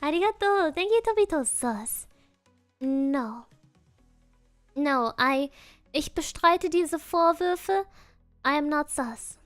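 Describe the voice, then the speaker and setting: A virtual streamer chats playfully with her audience in a casual live stream, giggling often and answering viewers' messages. Her voice sits high with a fairly bright tone, and there's no room sound.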